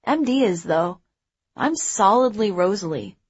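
A woman voicing a sullen teenage brother who mutters flatly, in an audiobook. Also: medium pitch, measured pace, slightly rough, no room sound, muffled recording.

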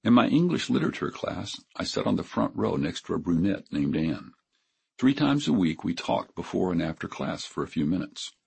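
A man in his seventies from Texas, narrating his memoir in a measured, reflective way. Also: low-pitched, sing-song, gravelly, darkish tone, breathy edge.

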